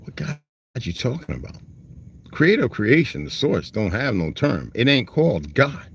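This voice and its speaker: Animated, profane man telling stories. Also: medium pitch, moderate pace, husky. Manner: profane, rambling, animated storyteller. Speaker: host reading aloud and commenting. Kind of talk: casual storytelling monologue.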